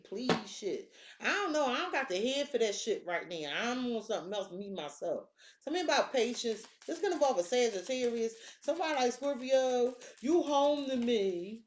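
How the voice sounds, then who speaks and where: A woman's voice: a little high, a little hiss or hum. Blunt, profane woman reading tarot. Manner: blunt, profane, sassy and animated; talks to the viewer and to the cards. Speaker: tarot reader.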